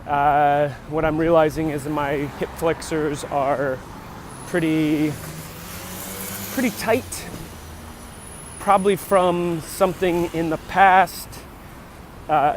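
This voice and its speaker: Speaking slowly in a fairly high, steady voice, a vlogger talks casually on a morning walk alongside traffic, with a little hiss or hum in the recording. He drifts and ponders as he goes, often interrupting himself to begin again.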